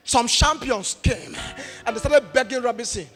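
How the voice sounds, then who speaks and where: A man with a Nigerian accent preaching a sermon, animated and telling a story with shouts and quiet passages. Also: extremely high pitch, moderate pace. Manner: animated, shifting between shouts and murmurs. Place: church hall. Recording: reverberant church hall with faint music.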